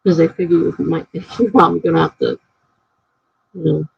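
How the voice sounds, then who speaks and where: Gravelly rambling woman streamer. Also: deep voice, steady tone, moderate pace. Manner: rambling, thinks out loud. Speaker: writer live-streaming. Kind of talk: casual live-stream chat. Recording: dry, slightly dull lo-fi mic.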